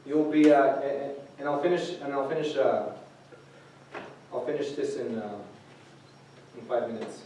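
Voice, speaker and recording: A man's voice: mid-range voice, measured pace, pauses often, dark tone, slight background noise. A man giving an informal sermon to a group, talking casually with many fillers and restarts. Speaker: youth speaker. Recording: echoey room recorded from a distance.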